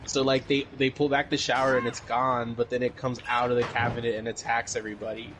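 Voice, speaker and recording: A man's voice: medium pitch, level tone, fast, background noise. A man co-hosting a podcast, casually recapping a movie in a rambling way, with lots of fillers, swearing and laughter. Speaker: podcast co-host.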